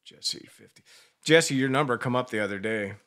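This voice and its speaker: A man co-hosting a loose, casual radio show, joking crudely and swearing freely. His voice sits in an ordinary mid-range pitch. He sounds relaxed and irreverent as he banters on air. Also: moderate pace.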